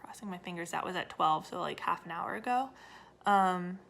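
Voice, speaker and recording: A woman's voice: lowish voice, moderate pace, vocal fry, a bit bright, slight background noise. A young woman chatting casually at home in her family vlog, rambling with fillers and little laughs. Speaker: vlogger mom.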